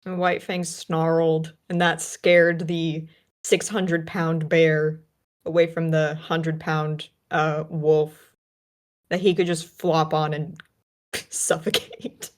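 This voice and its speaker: Low voiced woman rambling slow about a movie on a call, lots of likes and ums. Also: flat delivery. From United States. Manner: chatty, many fillers and restarts. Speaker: podcast co-host. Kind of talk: casual film discussion. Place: remote call.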